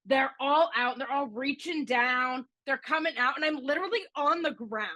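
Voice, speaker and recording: A woman co-hosting a podcast, gushing and excitable as she tells stories in casual chat. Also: high-pitched, normal speed, dry recording. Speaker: podcast co-host.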